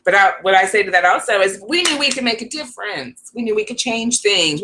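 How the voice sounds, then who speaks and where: A woman speaking on a casual live stream from her home, with a bright, forceful voice. She talks chattily, restarts her sentences and laughs often. Her pitch sits in the middle for a woman. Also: sing-song, fast, few pauses. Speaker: psychic livestream host.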